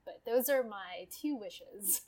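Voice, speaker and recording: A woman co-hosting a podcast in casual chat, relaxed and thinking aloud with fillers. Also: mid-range voice, takes it slowly, rough recording. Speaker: podcast co-host.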